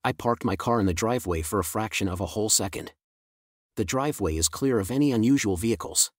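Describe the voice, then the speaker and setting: A man narrating a first-person story in an even, measured way. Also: on the low side, no room sound, clean studio sound.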